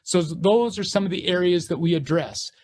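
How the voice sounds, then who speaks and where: Male lecturer, slightly high voice, earnest and halting, reads out lists. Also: a little mellow. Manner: earnest, halting with fillers and restarts; reads course text aloud in lists. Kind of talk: university lecture.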